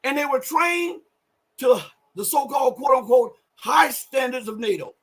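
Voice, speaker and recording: A high-voiced man with a husky edge hosts live political commentary. He speaks emphatically and pushes his voice to near-shouting for stress. Between those peaks he rambles and corrects himself as he goes. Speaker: show host.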